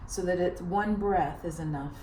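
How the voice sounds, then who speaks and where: Woman, very low voice, animated, teacherly, echoey room, far from mic. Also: normal speed, slight background noise. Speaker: actor and director. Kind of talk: casual chat.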